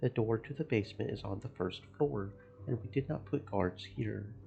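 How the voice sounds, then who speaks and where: A man streaming a game, reading its narration and chatting about it in an even, gravelly voice. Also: fairly low pitch, moderate pace. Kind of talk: narrating a visual novel with commentary. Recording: muffled lo-fi stream audio.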